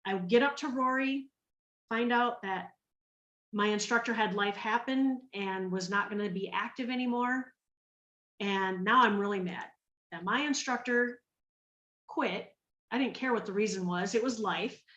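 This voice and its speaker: A woman's voice: mid-range voice, measured pace, a bit bright, reverberant, distant mic, dull audio. A woman from Minnesota telling her story to an online group, acting out the voices of the people she quotes. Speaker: guest speaker on a training call.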